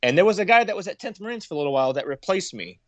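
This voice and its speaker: A man's voice: high voice, sing-song, rapid-fire, no echo, dull audio. A man, a former Marine, telling war stories casually on a podcast, acting out quotes in raised voices. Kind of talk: casual storytelling.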